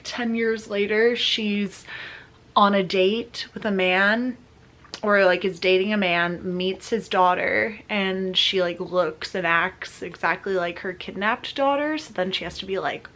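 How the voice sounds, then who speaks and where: A young woman vlogs about books in a loose, chatty way, leaning in close to her camera as if sharing gossip. She takes her time, drawling through her words and piling up fillers. Her pitch sits in a middle range for a woman. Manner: chatty, filler-heavy, animated storytelling. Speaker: book vlogger. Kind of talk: casual vlog chat. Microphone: camera mic, talking close to camera.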